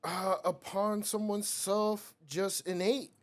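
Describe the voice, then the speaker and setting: A man's voice: high voice, steady tone, takes it slowly. A young man talking bluntly and with profanity as a guest on a casual podcast. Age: young adult.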